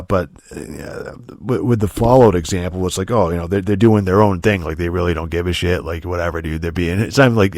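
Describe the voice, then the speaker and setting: Low-voiced man ranting on a podcast. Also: darkish tone, dry recording, clean studio sound. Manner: rambling, profane, full of restarts and filler words; sarcastic. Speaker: podcast host. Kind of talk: casual solo podcast rant.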